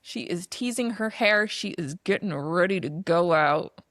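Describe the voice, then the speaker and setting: Podcast co-host, woman; lively recap voice, dry close-mic. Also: fairly low pitch, measured pace, dry recording. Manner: animated retelling, acts out quotes. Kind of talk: casual movie recap chat.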